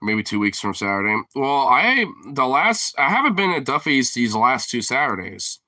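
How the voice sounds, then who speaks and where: A man with a very bright, sharp-edged voice chatting casually, rambling and swearing, padding his talk with fillers and breaking into laughs. The sound is close and completely dry, with no room echo at all. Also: mid-range voice, sing-song, moderate pace. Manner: rambling, profane, heavy on fillers; laughs often while talking. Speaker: streamer host. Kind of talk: casual chat.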